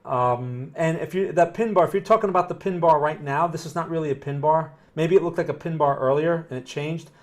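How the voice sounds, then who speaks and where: Man, Northern New Jersey accent, slightly high voice, casual live-stream chart talk, explanatory. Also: brisk, hardly any pauses. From New Jersey, USA. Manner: conversational, explanatory, often checks "does that make sense"; upbeat when greeting viewers. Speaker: trading analyst streamer. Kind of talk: live-stream market analysis.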